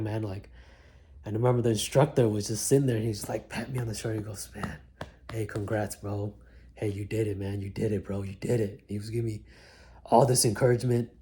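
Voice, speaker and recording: Speaking at a medium pitch with a mellow tone, this man reflects on his own life in one continuous take. The vlog, captured on a single mic, is casual and slangy, heavy on "like" and "man."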